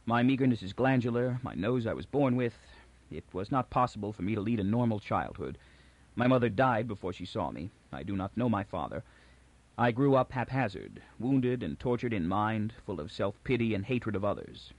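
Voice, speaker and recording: A man voicing a calm, commanding male mutant mastermind in an audiobook, speaking in a measured, quietly menacing way. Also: on the low side, dull audio. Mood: calm, brooding. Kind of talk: audiobook character reading.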